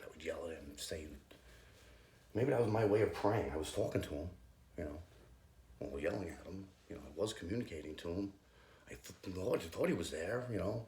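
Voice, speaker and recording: A man, a youth group leader, giving a halting, nervous personal faith testimony full of ums. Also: low voice, a little mellow, roomy sound. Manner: hesitant, halting, many ums.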